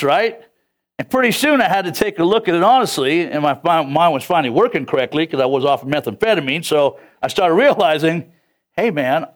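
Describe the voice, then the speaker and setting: A man's voice: sits high, a bit bright. A man from California with a Californian accent, preaching a casual, conversational sermon and chuckling between his points. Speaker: pastor.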